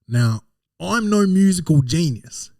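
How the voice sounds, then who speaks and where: A man's voice: a little high, animated, unhurried, warm tone, no echo, clean studio sound. A man with an Australian accent, hosting a podcast and telling a rambling, slangy, digressive story as comedic review. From Adelaide, Australia. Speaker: podcast host.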